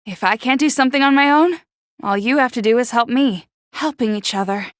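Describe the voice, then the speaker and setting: A woman voicing a prickly, sharp-tongued teenage girl in a video game, who stutters when flustered. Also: on the high side, a little fast, dry recording, clean studio sound, close to an everyday voice. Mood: firm, teasing. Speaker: game character.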